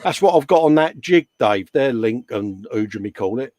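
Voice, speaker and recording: A man's voice: medium pitch, lively intonation, moderate pace, a little mellow, dry recording. A man co-hosting a casual livestream chat, bantering and calling people mate. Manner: chatty, banters and yawns, calls everyone mate. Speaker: livestream co-host.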